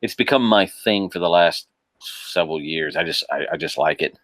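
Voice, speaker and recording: A man in casual podcast chat, animated, laughing often and restarting his sentences. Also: sits low, normal speed, no echo. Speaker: podcast guest.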